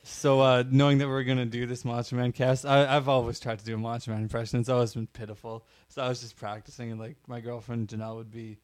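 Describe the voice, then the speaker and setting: A man chatting casually, self-deprecating and quick to laugh. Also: mid-range voice, little pitch movement. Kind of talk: casual chat.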